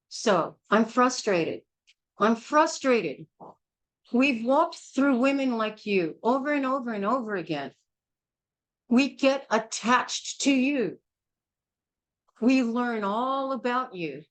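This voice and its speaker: A woman's voice: fairly high pitch, lively intonation, slow pace, pauses often, fairly bright tone, low-quality recording. A woman teaching a childbirth class in a blunt, emphatic, hard-hitting way. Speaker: childbirth educator.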